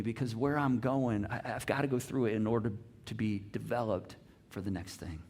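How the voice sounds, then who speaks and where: A middle-aged man preaching a sermon as pastor, animated, swinging from loud emphasis to soft hushed lines and asking the congregation questions. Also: on the low side, moderate pace. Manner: repeats words on restarts, asks the congregation questions.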